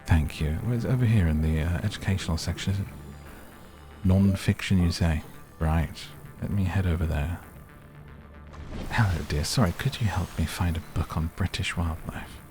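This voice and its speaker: A man putting on the voice of an overly friendly library visitor whose chumminess turns unsettling, with ingratiating, drawn-out questions. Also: low voice, darkish tone, soft background music, close to an everyday voice. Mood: creepy chummy. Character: overly chummy man asking for library book, turning sinister.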